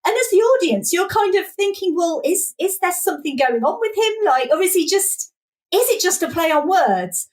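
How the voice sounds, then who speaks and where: Podcast guest, English woman, Midlands accent, animated, swooping high voice. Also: normal speed. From England. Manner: animated, laughing, quotes lines in character voices. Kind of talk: casual chat.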